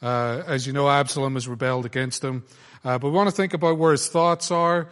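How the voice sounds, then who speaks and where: An Irish man guides a group through a Bible study in an easygoing, chatty way, pausing on plenty of "uh"s. His voice sits in a middle register. A long reverb trails behind him, as if he is in a large hall. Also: mid-range voice. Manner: relaxed, chatty, frequent "uh" fillers.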